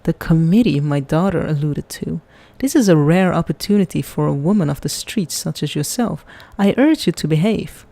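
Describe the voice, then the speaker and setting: A woman's voice: low voice, lively intonation, moderate pace, creaky, few pauses, dark tone, dry recording, full character voice. A woman reading as a cold stern rich man. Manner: formal, cold, commanding.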